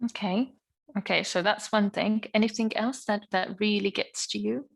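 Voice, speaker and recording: A woman's voice: medium pitch, steady tone, normal speed, creaky, husky, poor audio. A woman teaching an online speaking lesson over a video call, patiently asking questions and giving encouraging praise. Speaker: English teacher.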